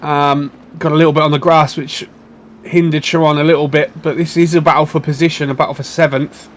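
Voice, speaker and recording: A man as co-commentator on a sim race, giving relaxed, conversational analysis. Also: on the high side, a little fast, slight background noise.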